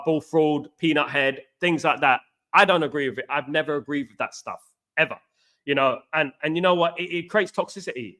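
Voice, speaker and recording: A man's voice: a little high, bright, forceful tone. A man from the East End of London with an East London accent, hosting a live fan stream, emphatic and repetitive, calling his viewers mates. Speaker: fan channel host. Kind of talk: live match-day stream chat. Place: home in an apartment complex abroad.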